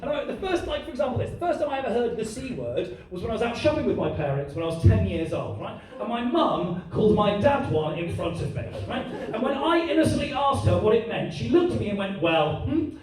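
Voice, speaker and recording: A man's voice: sits high, fast, hardly any pauses. A man performing a stand-up comedy routine, telling stories with heavy swearing to a live audience. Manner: animated storytelling, heavy swearing. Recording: echoey room, mic at a distance, audience noise.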